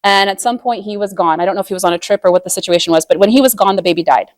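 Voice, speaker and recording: A woman's voice: medium pitch, racing, dry recording. A woman teaches about marriage in a loose, chatty way, sprinkling "like" everywhere and acting out quoted voices as she tells a story. Her voice sits in a middle range. The recording is close and dry, with no room sound. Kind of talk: casual religious lesson.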